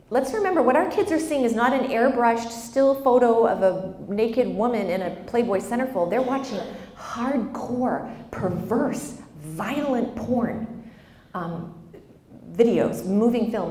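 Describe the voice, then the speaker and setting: Animated nun in an echoey hall. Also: female voice, a little high, measured pace, slight background noise. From Boston. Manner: animated, asks the audience "right?" often, acts out quotes. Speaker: religious sister speaking at a conference. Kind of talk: conference talk. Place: conference hall.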